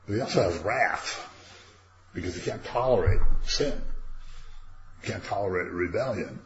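An older man leading an informal Bible study, talking conversationally and turning animated when he quotes God. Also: on the low side, normal speed, roomy sound. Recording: dull lo-fi recording with faint noise.

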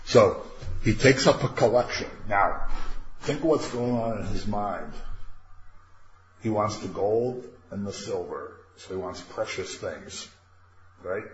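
A man with a low voice leads a casual Bible study, talking through the passage in a conversational way and acting out what people say. The recording is dull and lo-fi, with a faint hiss behind him. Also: slow. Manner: conversational, rhetorical questions, acts out quotes.

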